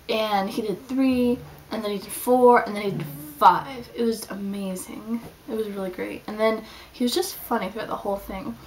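A young woman chatting casually in a video diary, rambling with lots of "like" as she tells her week. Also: medium pitch. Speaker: student vlogger. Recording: slightly distant mic, faint background hiss.

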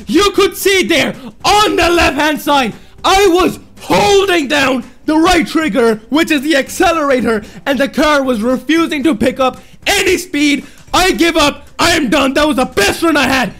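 High-pitched, gravelly, frantic game commentator. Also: male voice, expressive, moderate pace, few pauses, some chatter behind. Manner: exasperated, yelling at the game, self-mocking. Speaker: gameplay commentator. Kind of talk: gameplay commentary.

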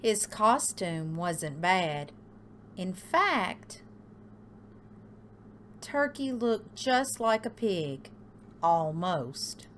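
A woman reading a picture book aloud for a library story time, in an expressive sing-song storytelling manner with big leaps for the animals. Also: lowish voice, extremely slow, pauses often, slight background noise.

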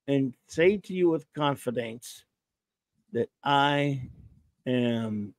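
A man's voice: a little high, lively intonation, slow, no echo, lo-fi sound. A man hosting a live stream, rambling and joking as he greets viewers in the chat. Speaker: podcast host.

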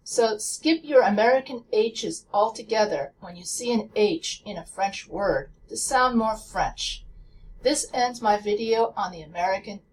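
A woman talks through a pronunciation lesson at a very unhurried, deliberate pace, repeating example words with care. Her voice sits in a middle register. The mic is a little far off, and a faint hum of room noise sits underneath. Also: mid-range voice. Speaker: language teacher.

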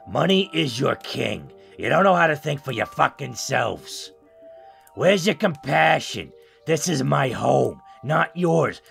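A man doing a gruff bitter old hermit. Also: mid-range voice, a bit bright, full character voice. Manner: grumbling, sarcastic, crude. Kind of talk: voicing game dialogue.

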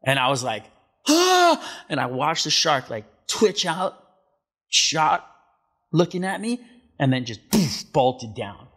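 Middle-aged guy telling a crazy story on a podcast, husky voice, middle pitch, lots of likes. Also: measured pace. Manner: animated storyteller, acts out quotes, many filler likes. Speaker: guest, surfer. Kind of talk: casual storytelling.

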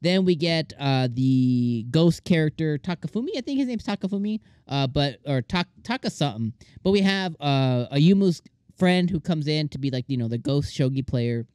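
An eager channel host reviews an anime episode in loose, rambling chat, full of restarts and fillers. They act out the characters' lines in quick little voices along the way. The recording is close and dry, with no room sound. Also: mid-range voice, lively intonation, darkish tone, smooth, no room sound.

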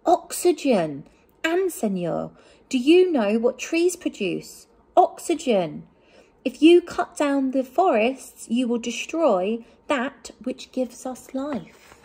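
A woman's voice: high voice, sing-song, slow, warm tone, husky, exaggerated voice. A woman voicing a group of earnest tree porcupines in a picture-book reading for children.

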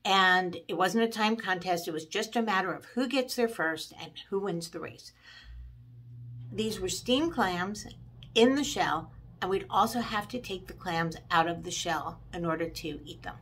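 A middle-aged woman tells a personal story to camera as a motivational speaker. Her delivery is lively, and she stretches some words out slowly and rushes through others. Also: on the low side, a little hiss or hum. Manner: lively storytelling, pace swinging between drawn-out and quick. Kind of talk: personal anecdote told to camera.

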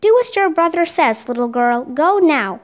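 A woman's voice: high-pitched, expressive, normal speed. A woman reading a brooding moody male genius. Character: moody middle-aged male artistic genius.

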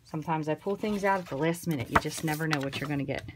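A woman's voice: low voice, fast talker, heavy background noise. A woman giving a casual, chatty card-making tutorial, thinking aloud as she works. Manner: chatty, relaxed, thinks aloud while working.

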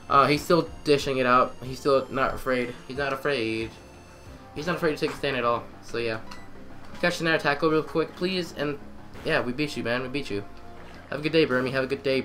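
A man's voice: mid-range voice, fairly bright tone. A young man doing casual let's-play commentary, sarcastic and crude, grumbling at the characters.

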